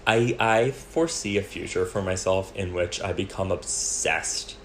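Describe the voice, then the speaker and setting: A young adult podcast co-host chatting casually, rambling with many fillers and telling stories in an animated way. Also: deep voice, unhurried. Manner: animated storyteller. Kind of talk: casual chat. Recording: roomy echo, faint background hum.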